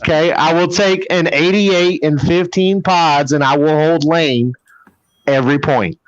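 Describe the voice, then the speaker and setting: A man's voice: a little high, fairly even intonation, unhurried, dry recording, muffled recording. A man in a casual group chat, giving blunt opinions and repeating his points. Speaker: player and guest.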